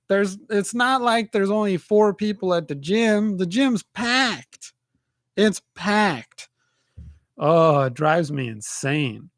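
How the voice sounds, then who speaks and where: Man, 40s, podcast host, rambling casual storyteller, slightly high voice. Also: slow pace, no echo, studio quality. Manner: animated storytelling, says dude and man a lot.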